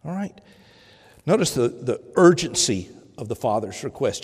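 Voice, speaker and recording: A man's voice: medium pitch, sing-song, moderate pace, a little mellow, husky. Man preaching in a reverberant hall. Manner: conversational, repeats words, acts out quoted voices. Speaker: pastor. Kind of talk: sermon.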